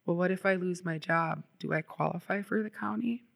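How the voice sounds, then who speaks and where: A woman's voice: fairly low pitch, a little fast, creaky. A woman from Minnesota, giving an earnest, impassioned public speech as a climate justice organizer, with the odd filler.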